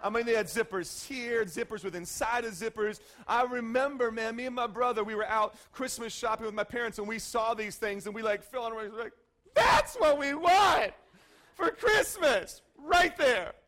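A man in his forties preaches with a notably high voice. He tells his stories with energy, acting out the voices of the people in them and breaking into shouts. His delivery is that of a pastor leading a sermon. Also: steady tone, fairly quick, hardly any pauses.

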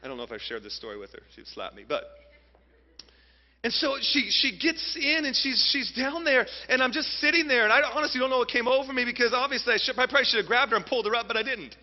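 A man in his thirties delivers a sermon in a high voice, telling a personal story with plenty of energy. He turns to his listeners often with direct questions. The recording sounds dull and muffled, with a long reverb from a large hall. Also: quick pace. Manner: animated storyteller, addresses the audience directly. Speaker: preacher.

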